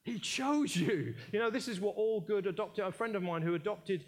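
A man's voice: sits high, expressive, normal speed. A British man preaching a sermon in a church, emphatic, repeating key phrases and telling anecdotes with jokey asides.

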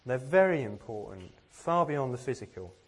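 A man's voice: mid-range voice, sing-song, normal speed, slightly rough. A man from England giving a sermon, earnest and self-deprecating, with plenty of rhetorical questions. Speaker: preacher.

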